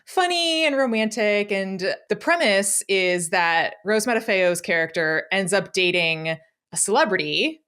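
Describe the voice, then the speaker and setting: A woman's voice: medium pitch, lively intonation, unhurried, a bit bright, smooth. A woman co-hosting a casual watch-along, talking enthusiastically over a video call. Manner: chatty, enthusiastic, giggly. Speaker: co-host of a watch-along show. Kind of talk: casual reaction chat.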